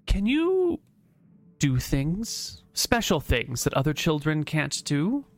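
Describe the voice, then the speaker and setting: A man voicing a stern, imposing Grand Inquisitor with a deep voice, speaking slowly and formally in a tabletop game. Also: huge pitch swings, full character voice. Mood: probing.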